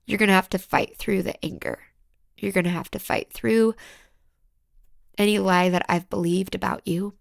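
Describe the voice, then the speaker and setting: A woman hosting a solo podcast, speaking in a raw, emotional, halting way and sometimes dropping into whispers. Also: mid-range voice, fairly even intonation, vocal fry, dry recording, studio quality. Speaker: podcast host.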